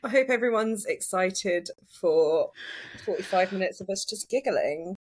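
A woman's voice: mid-range voice, lively intonation, unhurried. A woman with a posh British accent and a cold, chatting thoughtfully and self-deprecatingly as a podcast guest. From United Kingdom. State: has a cold. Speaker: guest author. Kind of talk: casual podcast chat.

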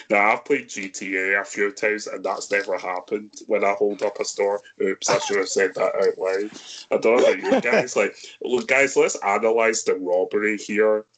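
A man hosting a casual film review chat, often breaking into high giggles. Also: fairly bright tone. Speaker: podcast host.

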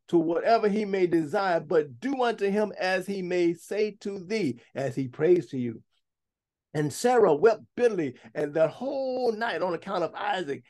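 A man preaching a sermon, reading scripture aloud and breaking off to comment and stress his points. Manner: bursts to high, loud emphasis at times.

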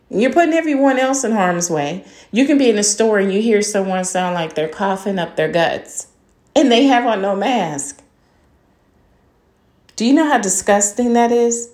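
A woman's voice: mid-range voice, a little mellow. An older woman and grandmother delivering a heated, blunt monologue, swearing and firing off rhetorical questions at her listeners. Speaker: podcast host. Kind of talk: angry monologue rant. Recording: roomy echo.

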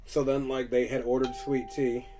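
A man telling stories, profane and animated. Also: medium pitch, moderate pace, recorded from a distance, a little hiss or hum. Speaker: podcast host. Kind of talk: casual chat. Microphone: studio microphone with headphones.

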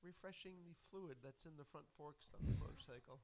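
A man as a podcast guest, talking in a deadpan, earnest way. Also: a little high, brisk. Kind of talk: casual chat.

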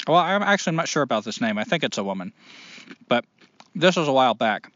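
A man's voice: medium pitch, big pitch swings, fast, fairly bright tone, no room sound, dull audio. A man hosting a casual podcast, talking in an earnest, rambling way with many fillers. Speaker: podcast host.

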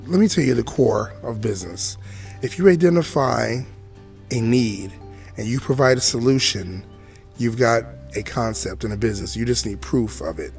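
A man in his forties tells his story in a chatty, digressive way, often turning aside to speak to the listener. His voice sits at an ordinary middle pitch. Faint music plays softly underneath. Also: lively intonation, normal speed, vocal fry. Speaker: podcast host. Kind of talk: storytelling monologue.

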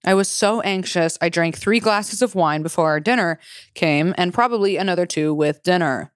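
A woman's voice: on the low side, normal speed, smooth, no echo, studio quality. A woman co-hosting a comedy podcast, reading a story aloud in a casual way, swearing a lot. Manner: swears a lot and laughs often.

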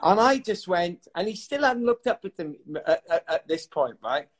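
Middle-aged uk guy, retired athlete, chatty storyteller, slightly high voice. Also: moderate pace. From United Kingdom. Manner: animated, chatty, laughs while telling stories. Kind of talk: casual storytelling interview.

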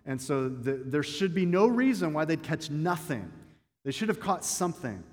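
A man's voice: fairly high pitch, sing-song, normal speed. A man preaching a sermon to a congregation in a conversational, joking way. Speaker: pastor. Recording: long hall reverb.

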